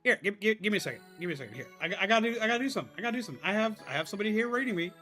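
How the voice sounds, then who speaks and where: Animated, bright-voiced male streamer. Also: sits high, racing, soft background music. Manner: animated, swears freely, excitable greetings. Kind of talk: casual live-stream chat.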